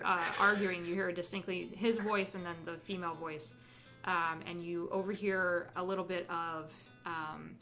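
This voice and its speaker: Bright-voiced woman game master. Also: lowish voice, moderate pace, faint music behind. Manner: relaxed, hesitant fillers. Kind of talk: narrating a tabletop game.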